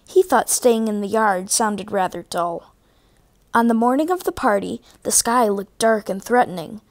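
A woman reading a children's storybook aloud in a clear, even manner. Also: mid-range voice, moderate pace. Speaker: storybook reader.

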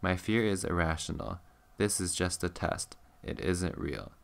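A man reading a novel aloud in a calm, steady voice, meant to help listeners sleep. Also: deep voice, a little slow, vocal fry. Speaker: reader.

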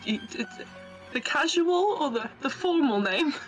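A woman guest on a stream call who plays along with the host's bit, answering in a teasing, deadpan way. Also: sits high, a little slow, faint music behind. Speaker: guest presenter. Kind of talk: casual banter on a stream call.

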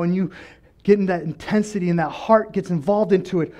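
A man pastor delivering an impassioned sermon, swinging between loud pleading and quiet lows, laughing often. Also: normal speed. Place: church.

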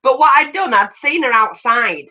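Bright, lively older woman. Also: high voice, moderate pace, muffled recording. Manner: animated, acts out voices in anecdotes. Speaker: craft channel host. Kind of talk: chatty storytelling while crafting.

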